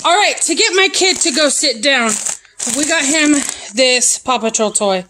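Chatty high-pitched mom listing groceries. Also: female voice, lively intonation, normal speed, noisy background. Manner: chatty, listing items one after another. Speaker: mom vlogger. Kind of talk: casual grocery haul vlog. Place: at home.

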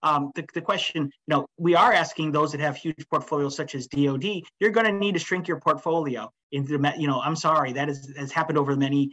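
A man's voice: a little high, quick pace, few pauses, fairly bright tone, rough recording. A man in his fifties speaking as a webinar panelist, emphatic and rambling with many restarts.

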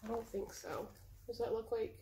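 A woman librarian reading a picture book aloud slowly and coaxing her pets in a gentle voice. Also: a little high, level tone, slight background noise. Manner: slow, drawn-out reading of the story lines. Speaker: children's librarian.

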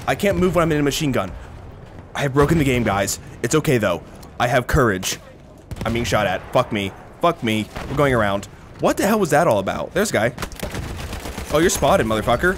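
A young man jokes and swears his way through a shooter match, with a high voice that leaps up into yelps and then drops to low grumbles. His pitch swings widely from one phrase to the next. Loud game gunfire and explosions run under his voice the whole time. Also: brisk. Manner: jokey, excitable, swings between yells and mutters. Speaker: gaming video host. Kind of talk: profane gameplay commentary. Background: gunfire and battle noise from the game.

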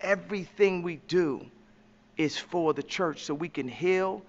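A man's voice: high voice, measured pace, long reverb tail, muffled recording. A man speaking as an interview guest in a slangy, emphatic, preachy way. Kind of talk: impassioned preachy talk.

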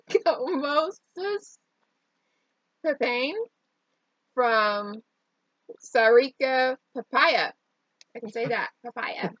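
A woman's voice: high-pitched, dry recording, muffled recording. A woman with a Southern country accent reading out a shake's ingredient list, stumbling over long words and laughing at herself. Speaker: co-host reading an ingredient label. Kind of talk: casual chat.

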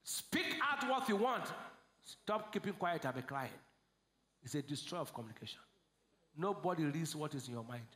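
Nigerian male pastor, high voice, call-and-response sermon, roomy hall. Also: very animated, moderate pace. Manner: call-and-response preaching, swings from shouts to low asides. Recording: echoey church hall.

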